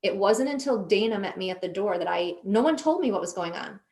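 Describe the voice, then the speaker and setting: Middle-aged lady guest, earnest and emotional, lots of restarts, middle pitch. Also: expressive, brisk, creaky, a little mellow. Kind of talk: personal storytelling in conversation.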